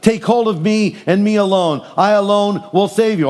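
A middle-aged male pastor delivering a sermon with lively energy. His voice sits a little high for a man, and he slips into playful character voices when he tells a story. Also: normal speed, hardly any pauses. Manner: animated preaching, acts out voices in stories and jokes.

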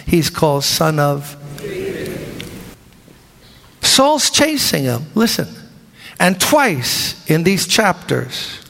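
Animated preacher in a big echoing hall. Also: male voice, high-pitched, vocal fry. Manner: animated, acts out voices of biblical figures. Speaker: pastor. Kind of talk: sermon. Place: large church hall. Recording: reverberant church hall.

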